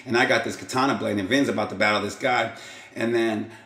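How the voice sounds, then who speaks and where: A man's voice: fairly low pitch, steady tone, fast talker, bright, forceful tone, roomy sound. Rambling man telling a wild story. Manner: rambling, acts out quotes and sound effects. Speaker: vlog host. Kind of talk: casual storytelling.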